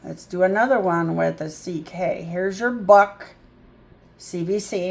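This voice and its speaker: A woman tutor teaching a phonics lesson, sounding out words slowly and thinking aloud in a chatty way. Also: fairly low pitch, vocal fry. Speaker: reading tutor.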